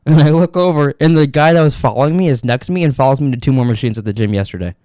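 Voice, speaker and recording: A man's voice: mid-range voice, racing, warm tone, no echo, studio quality. A young man co-hosting a podcast, telling rambling, profane stories in casual chat. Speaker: podcast co-host.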